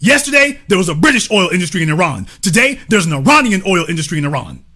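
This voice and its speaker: A man's voice: high-pitched, sing-song, fast, pushed and bright, breathy edge. A man hosting a livestream, giving emphatic, profane opinion commentary and talking straight to his chat. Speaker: livestream host.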